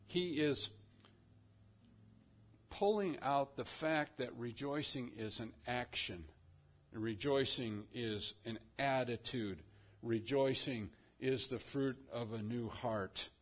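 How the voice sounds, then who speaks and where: A man preaching a sermon, swinging between loud emphatic declarations and quiet, drawn-out phrases. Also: mid-range voice, lo-fi sound. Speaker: pastor.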